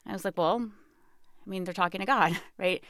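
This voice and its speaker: A woman's voice: mid-range voice, a little fast, fairly bright tone, no echo, studio quality. A woman guest telling her story in an interview, candid and self-mocking, laughing often. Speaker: author and guest.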